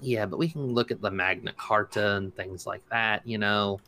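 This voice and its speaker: A man's voice: fairly low pitch, moderate pace, pushed and bright. A man co-hosting a casual commentary podcast, rambling and indignant, with many restarts and fillers. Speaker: podcast co-host.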